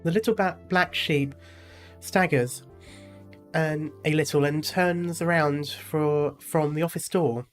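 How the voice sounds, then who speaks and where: A gaming streamer narrating a game's story aloud. The voice sits at mid pitch and drops into casual, chatty asides. Faint music plays behind. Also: fairly even intonation, takes it slowly. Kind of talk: reading a game story with asides.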